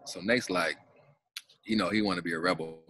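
A man's voice: low-pitched, fairly quick, pushed and bright, a little hiss or hum. A man, a pro basketball player, telling loose, slangy stories as a podcast guest, swearing freely and repeating himself. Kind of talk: casual storytelling.

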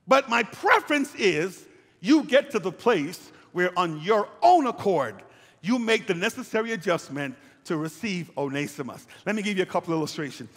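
A man's voice: high voice, expressive, moderate pace, fairly bright tone, husky, long reverb tail. An older man, a pastor, preaching a sermon in a conversational way, with asides to the congregation.

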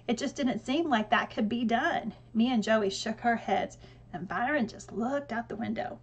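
A woman narrates an audiobook with lively, dry-humored storytelling. Her voice sits a little high, and the audio has a slightly muffled, dull tone. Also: normal speed, slightly rough.

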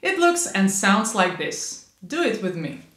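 A woman's voice: mid-range voice, big pitch swings, unhurried, fairly bright tone, reverberant, slight background noise. A woman vocal coach giving a patient instructional lesson on growling, demonstrating light sounds as she explains.

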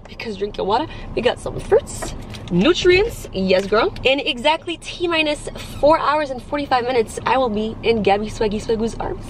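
A young woman in her twenties chatting casually to camera in a vlog, bubbly and gushing, quick to laugh. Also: a little high, noisy background. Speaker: vlogger.

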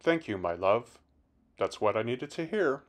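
A man's voice: mid-range voice, very animated, unhurried, soft background music. A man playing a haughty, self-righteous partner in a comic sketch, speaking in a grand, lofty way. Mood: gracious. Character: pompous offended partner, adult man.

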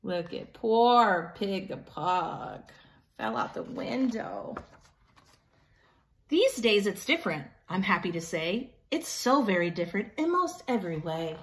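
Woman teacher, story time voice, slow and lively, asks kids questions. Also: mid-range voice, a little hiss or hum. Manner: animated, asks children questions. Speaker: teacher reading aloud.

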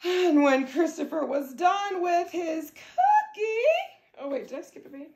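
Woman reading a kids story, super high voice, lots of silly sound effects, echoey room. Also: very animated, measured pace, a little mellow. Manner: playful, sound effects, prompts listeners. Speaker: guest story reader. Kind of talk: animated read-aloud to children.

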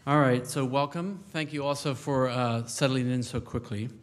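A man, the new chief executive, addressing a dinner audience in a relaxed, informal way. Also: medium pitch, normal speed, a little hiss or hum. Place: banquet hall.

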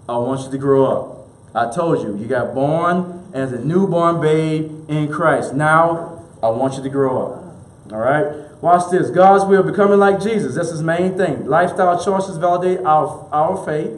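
A male minister preaching a sermon with emphatic repetition, leading the congregation to repeat lines back, sometimes chuckling. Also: on the high side. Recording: roomy echoey room.

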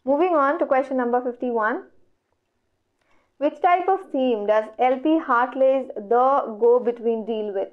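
Woman teacher with an Indian accent, somewhat high. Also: unhurried. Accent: Indian English. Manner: explains step by step, asks herself questions and answers them. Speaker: exam prep teacher. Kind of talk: online lecture going through exam questions. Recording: dull lo-fi audio.

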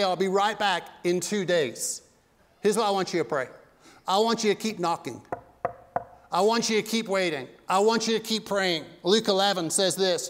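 A man's voice: sits high, fairly bright tone, big-room sound. A male pastor preaching a sermon in an earnest, conversational way, mixing casual asides into his teaching. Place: church sanctuary.

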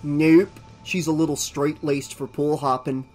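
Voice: mid-range voice, steady tone, a little slow, a little mellow, faint music behind, natural voice. A narrator voicing a vain, scheming teenage boy who talks in a smug, purring way. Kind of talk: audiobook dialogue.

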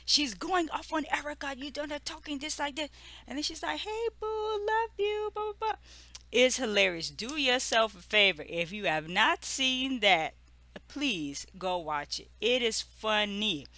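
Slow, bright-voiced gossip vlogger woman. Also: medium pitch, no echo. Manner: chatty, loose, with many fillers and restarts. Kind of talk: casual gossip recap.

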